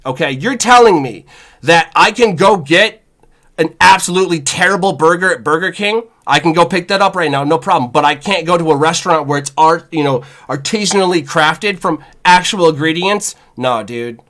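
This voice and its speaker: A chef co-hosting a podcast, talking in a casual, animated, profane rant with lots of "y'all.". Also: male voice, a little high, moderate pace. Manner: animated, profane, says "y'all" and "you know what I'm saying".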